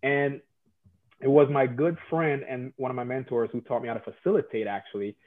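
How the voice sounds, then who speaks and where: A man from Jamaica with light traces of a Jamaican accent, telling stories and giving advice in a relaxed talk, shifting between lively bursts and soft asides. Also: mid-range voice, a little fast. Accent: American with faint Jamaican traces. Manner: animated storyteller, drops to soft asides. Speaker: salon educator guest. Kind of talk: conversational podcast advice. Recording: phone-like narrow band.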